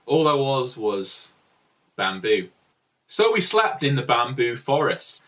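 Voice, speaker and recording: A man's voice: mid-range voice, big pitch swings, slow pace, fairly bright tone, far from the mic. A young man casually telling a travel story as a vlogger, rambling with many filler words.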